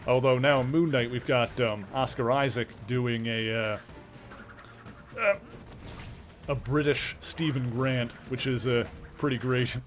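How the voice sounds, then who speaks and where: A man's voice: mid-range voice, fairly even intonation, measured pace, soft background music. A man with a mild Canadian accent, chatting casually while streaming a game, rambling with lots of fillers and restarts. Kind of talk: casual chat while gaming.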